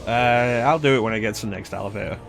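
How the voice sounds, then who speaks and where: A man's voice: on the low side, fast talker, vocal fry, fairly bright tone, soft background music. A man casually commenting on a game he is playing, rambling and humming to himself between remarks. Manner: rambling, chatty, hums and scats to himself. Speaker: streamer.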